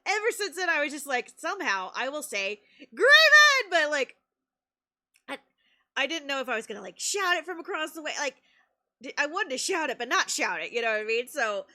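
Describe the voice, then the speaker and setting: A woman streamer tells a story during casual live-stream chat, speaking briskly in a high voice. She's excitable, laughs often, and swears casually.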